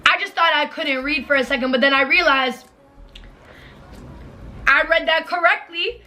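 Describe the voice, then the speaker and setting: A woman's voice: high-pitched, moderate pace, long pauses, pushed and bright. A young woman giving blunt, emphatic relationship advice in a casual vlog, repeating her points and swearing freely. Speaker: advice vlogger.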